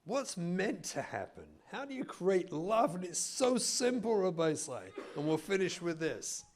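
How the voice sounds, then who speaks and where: A man from Israel, a rabbi and family therapist, giving an animated lecture full of acted anecdotes. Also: sits high, measured pace. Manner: animated, storytelling, emphatic.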